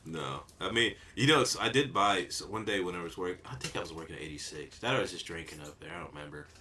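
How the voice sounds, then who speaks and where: A man's voice: deep voice, expressive, fast talker, bright, forceful tone. A man hosting a casual podcast, telling a rambling story and laughing often. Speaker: podcast co-host. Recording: noisy home podcast recording.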